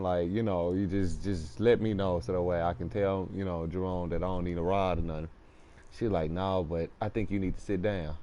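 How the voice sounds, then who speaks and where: A young man casually telling a personal story, acting out the voices of the people in it. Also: fairly low pitch. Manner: animated storyteller, acts out quoted voices.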